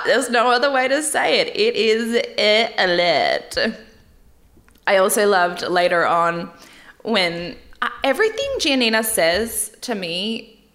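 A woman's voice: mid-range voice, fairly bright tone. A young woman vlogging casually about a dating show, candid and chatty, often laughing and swearing lightly. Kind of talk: casual chat.

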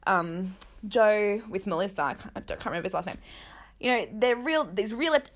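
A woman hosting a casual gossip commentary, candid and joking, with quick asides. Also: mid-range voice, expressive. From Australia. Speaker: podcast host.

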